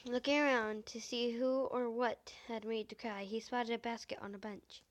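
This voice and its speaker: A woman with a high, squeaky voice reading a fan-fiction story aloud, halting and stumbling with many fillers and restarts. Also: fairly even intonation.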